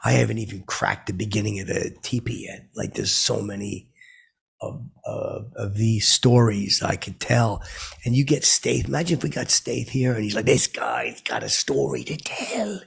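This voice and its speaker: With a fairly low pitch and a raspy, gravelly quality, this man hosts his own podcast at a moderate pace. His talk is rambling comic storytelling, boastful and meandering, full of fillers.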